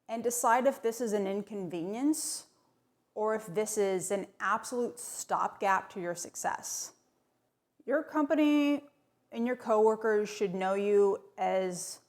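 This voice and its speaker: A woman delivering tongue-in-cheek advice in a brisk, sardonic, mock-serious monologue. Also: mid-range voice. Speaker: comedic advice vlogger.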